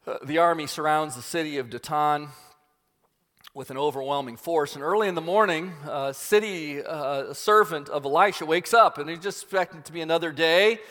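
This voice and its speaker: A preacher retells a story with lively, dramatic delivery, in a voice a little higher than average for a man. His words carry a long reverb from a large hall. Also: a little fast. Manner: animated storyteller, acts out scenes. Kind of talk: sermon storytelling.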